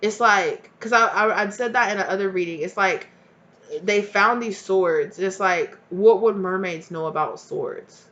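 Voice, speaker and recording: A woman's voice: mid-range voice, unhurried, fairly bright tone, highs cut off. Chatty, blunt woman tarot reader. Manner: chatty and blunt, swears freely, rambles. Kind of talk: casual tarot reading to viewers.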